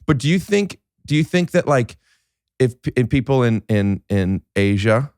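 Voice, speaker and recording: A man's voice: medium pitch, lively intonation, normal speed, a little mellow, clean tone, dry recording, studio quality. A man hosting a podcast, chatting casually, rambling and joking with lots of fillers and restarts. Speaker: podcast host. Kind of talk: casual chat.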